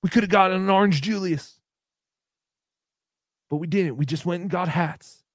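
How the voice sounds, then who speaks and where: A man voicing a needy, lonely adult man who pines for an old friend, speaking softly and pleading. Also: sits high, normal speed, dry recording, clean studio sound. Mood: mopey pleading. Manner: soft, mopey, pleading.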